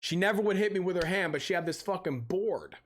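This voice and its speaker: Talking fast in a high-pitched voice, a young adult man rants profanely during a casual game stream. He tells animated stories between the swearing.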